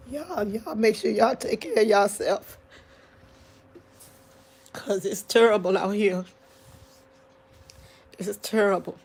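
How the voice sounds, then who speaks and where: A grieving woman talks into her phone or webcam late at night, her voice soft and halting, full of restarts. She speaks, tearful and worn down. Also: mid-range voice, vocal fry. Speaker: livestream vlogger. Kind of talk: late-night livestream talk to viewers.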